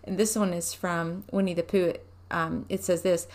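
A woman's voice: on the low side, flat delivery, darkish tone. Woman giving a home devotional talk. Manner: unhurried, asks listeners rhetorical questions. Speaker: devotional teacher. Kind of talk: conversational devotional teaching.

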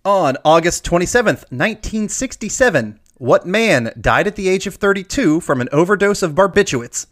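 Animated man hosting a quiz. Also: high-pitched. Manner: lively, drawn-out emphasis on answers. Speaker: quiz host. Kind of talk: reading trivia questions.

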